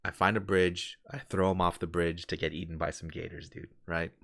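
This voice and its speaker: Brief: very low-pitched man, laid-back slangy host, dry close sound. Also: flat delivery, moderate pace, gravelly, a bit bright, dry recording. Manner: laid-back, slangy, says "dude" a lot. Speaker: podcast host. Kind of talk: casual chat.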